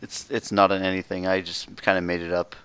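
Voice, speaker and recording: A man chatting casually about video games, relaxed and quick to laugh. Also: sits low, smooth, no room sound.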